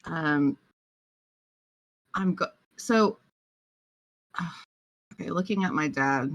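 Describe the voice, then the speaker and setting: A woman's voice: low-pitched, dry recording, dull audio. A woman playing in a tabletop game, reacting and talking in character. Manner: reactive, drawn-out player talk. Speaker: player. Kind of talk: casual tabletop play.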